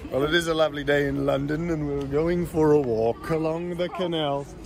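A man narrating a walk along city canals to the camera, teasing and animated like a tour guide. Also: on the high side, normal speed. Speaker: family vlogger. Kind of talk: casual vlog narration. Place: outdoors walking by city canals. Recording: clear street noise behind.

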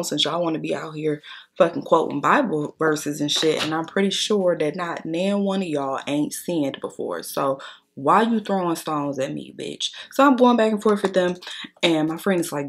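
A woman's voice: low-pitched, moderate pace, slight background noise. A young adult woman telling a blunt, profane story to her viewers while doing her makeup. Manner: blunt, profane, chatty, addresses viewers as y'all. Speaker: beauty vlogger.

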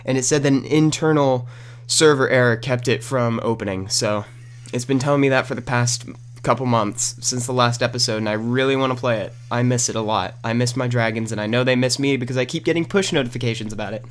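A man giving casual, rambling gameplay commentary at home into a new desk microphone, breaking into loud outbursts at the game. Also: medium pitch, fairly quick. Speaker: gaming commentator. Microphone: new desk condenser microphone.

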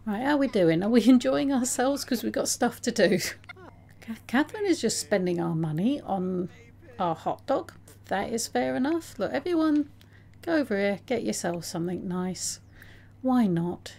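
Woman, gravelly fry, mellow tone, chatty gameplay commentary. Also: fairly high pitch, expressive, normal speed, a little hiss or hum. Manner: chatty, talks to her sims, laughs often. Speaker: let's play host.

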